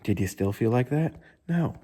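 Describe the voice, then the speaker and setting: A man's voice: medium pitch, animated, moderate pace, dark tone, in a large hall. A man in a casual motivational storytelling style, candid and informal, who swears often and says "like" a lot. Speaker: motivational speaker.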